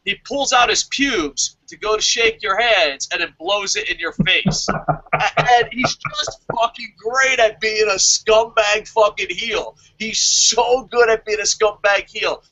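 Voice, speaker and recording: A man co-hosting a wrestling podcast, talking excitedly in casual chat, swearing constantly and laughing often. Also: high voice, unhurried, muffled recording, slight background noise. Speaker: podcast co-host reviewing a wrestling show. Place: lives in Japan.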